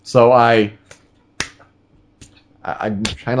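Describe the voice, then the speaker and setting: A man's voice: medium pitch, a little slow, noisy background. A man hosting a casual gaming podcast over a video call, joking and laughing often. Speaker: podcast host.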